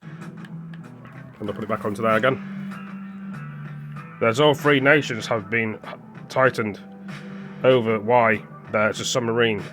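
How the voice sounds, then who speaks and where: A man's voice: on the low side, fairly even intonation, slow, pauses often, over music. A man chatting casually while he reads news off a screen, rambling and stumbling over hard words, apologetic, sometimes talking with his mouth full. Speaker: vlogger.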